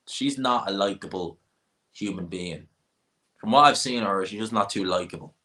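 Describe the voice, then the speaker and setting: A man's voice: deep voice, pushed and bright. An Irish man hosting a casual livestream, answering viewer comments with rambling, opinionated talk. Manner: opinionated and rambling, frequent restarts. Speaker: livestream host.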